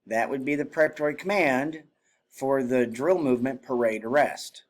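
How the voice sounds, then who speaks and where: A man teaching military drill in an even, middle-pitched voice. He explains step by step in a plain, instructive way. When he demonstrates, he switches to loud, clipped drill commands. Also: normal speed. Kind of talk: spoken lesson on military drill.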